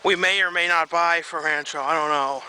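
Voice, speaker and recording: Young man, hoarse, casual vlog chat, faint background hiss. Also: on the high side, steady tone, normal speed, pushed and bright, low-quality recording. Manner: chatty, joking, narrates to camera. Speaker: vlogger. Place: outdoors in woods, then indoors at home.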